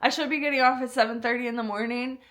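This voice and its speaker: A woman's voice: a little high, fairly even intonation, quick pace, a bit bright, lightly acted. A woman imitating a chatty male buyer who works in healthcare, with a put-on New Jersey type accent, rambling and overexplaining. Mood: rambling eager.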